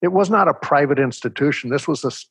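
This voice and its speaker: An older man from Texas, an interview guest telling stories in a measured, reflective way, with a husky voice. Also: on the high side, no echo. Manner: measured, reflective, animated storyteller. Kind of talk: storytelling in conversation.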